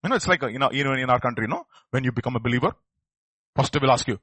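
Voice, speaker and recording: Animated male preacher, husky voice. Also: mid-range voice, rapid-fire, no room sound. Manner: acts out quoted voices and builds to emphatic outbursts. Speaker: pastor. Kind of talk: sermon.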